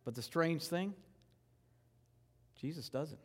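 A man preaching a sermon in a conversational way, moving between loud rhetorical questions and hushed, slow reverent passages. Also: on the high side, expressive, big-room sound. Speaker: pastor.

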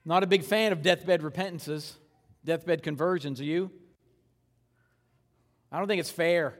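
A man preaching a sermon in a conversational way, moving between loud rhetorical questions and hushed, slow reverent passages. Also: on the high side, big-room sound. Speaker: pastor.

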